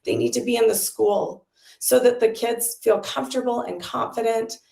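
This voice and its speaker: A woman's voice: on the high side, steady tone, normal speed, gravelly, darkish tone, reverberant. A middle-aged woman, a policy director, earnestly explaining figures and programs at an online volunteer meeting.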